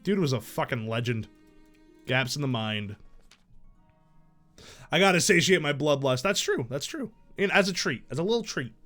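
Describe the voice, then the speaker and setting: Man, live game streamer, casual and profane, fairly high voice, faint music behind. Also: animated, normal speed, pauses often, fairly bright tone. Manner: casual and profane, thinking aloud.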